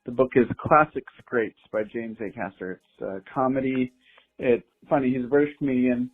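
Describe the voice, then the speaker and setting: A man's voice: mid-range voice, steady tone, normal speed. A man leaving a friendly, casual voice message recommending something to the show. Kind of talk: recorded voice message. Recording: tinny phone line with faint music.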